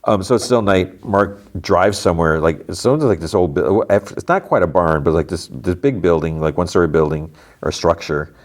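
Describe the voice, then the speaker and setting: A man's voice: low voice, normal speed, few pauses, darkish tone. A man hosting a podcast, casually recapping a TV episode in a loose, rambling way full of filler words. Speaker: podcast host.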